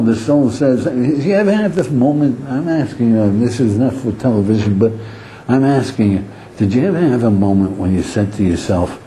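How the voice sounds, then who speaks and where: Brief: male rabbi-lecturer, warm mellow tone, lively storytelling that voices characters, frequent chuckles. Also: medium pitch, a little hiss or hum, low-quality recording. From Israel. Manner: animated storytelling, acts out inner voices, chuckles often. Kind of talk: Torah lecture to an audience.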